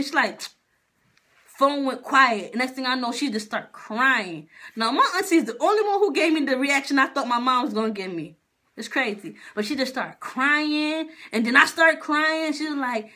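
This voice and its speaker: A young woman tells her story to camera, slangy and animated. Her voice sits on the higher side and sounds bright and forceful. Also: moderate pace. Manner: animated, slangy, talks straight to viewers. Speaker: vlogger.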